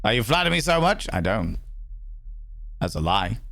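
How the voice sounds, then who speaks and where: A man's voice: lowish voice, very animated, moderate pace, gravelly, a bit bright, dry recording. A man giving chatty, playful let's-play commentary, greeting viewers and swearing freely. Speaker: streamer.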